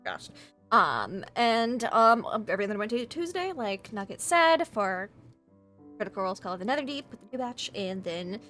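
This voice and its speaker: Bright, gushing woman tabletop player. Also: mid-range voice, big pitch swings, normal speed, faint music behind. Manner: gushing, enthusiastic, with many fillers. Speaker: player in a tabletop role-playing game. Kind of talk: casual end-of-session chat on a stream.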